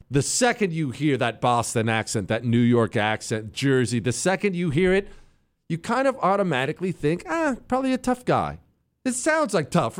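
Animated, opinionated male talk host. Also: a little high. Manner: animated, opinionated, addresses producers and listeners directly. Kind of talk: political talk monologue.

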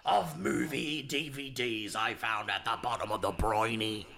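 A man's voice: lowish voice, a little slow, vocal fry, sharp tone, soft background music, voice pushed down, full character voice. A man voicing a boisterous old sea captain pirate who growls and drawls his words. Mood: boastful.

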